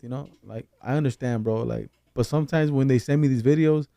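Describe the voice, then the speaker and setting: A slangy, animated male comedian in easy podcast chat, tossing in street talk as he goes. His voice sits at a middle pitch and is recorded close and dry, with no room sound. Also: brisk, vocal fry, no room sound. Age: adult with kids. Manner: slangy and animated, calls people fool and dog. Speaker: comedian guest.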